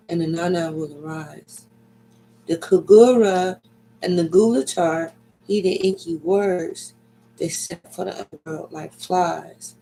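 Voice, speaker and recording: A man giving a slow, dramatic reading of an ancient myth, with deliberate pacing and sudden loud cries. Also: on the high side, vocal fry, a little hiss or hum, poor audio.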